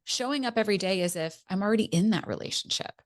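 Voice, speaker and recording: A woman hosting a podcast as a relationship coach, speaking in an earnest, measured way and often affirming her guest. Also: medium pitch. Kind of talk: casual podcast conversation.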